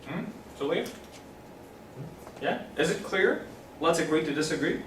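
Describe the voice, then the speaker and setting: Picked up at a distance in a roomy, echoing classroom over a faint background hum, a male English teacher speaks in a rather high voice. He keeps things lively and says phrases again slowly for his students to follow.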